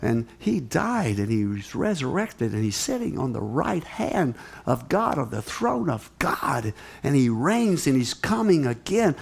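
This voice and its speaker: An older man preaching a sermon and telling a story, dropping to a hush and then rising to loud, emphatic lines. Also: mid-range voice, sing-song, unhurried, vocal fry, hardly any pauses, breathy edge. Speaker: missionary speaker.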